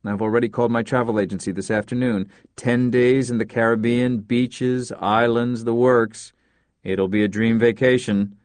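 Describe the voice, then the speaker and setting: A man's voice: medium pitch, steady tone, moderate pace, darkish tone, clear, resonant tone, no echo, close to an everyday voice. A man reading the part of a determined, kindly neighbor who talks earnestly and persuasively. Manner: earnest, persuasive, plain-spoken.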